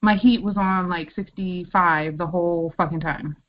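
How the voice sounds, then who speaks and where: A woman's voice: lowish voice, steady tone. Blunt sassy woman, lo-fi podcast audio. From Wisconsin, US. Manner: blunt, sassy, quick to agree. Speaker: podcast co-host. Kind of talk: casual chat.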